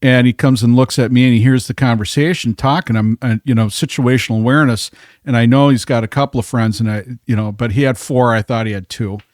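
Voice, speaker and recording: A man from Minnesota telling a story as a podcast guest in a bar, animated, acting out the quotes. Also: medium pitch, fast, no echo, studio quality. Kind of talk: casual storytelling.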